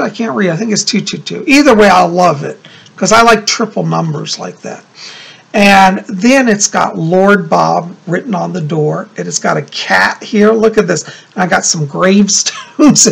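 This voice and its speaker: Gushing man with a gravelly, husky voice. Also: high voice, fairly bright tone. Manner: gushing, chatty, fond exclamations. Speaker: psychic vlogger. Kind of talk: casual show-and-tell vlog.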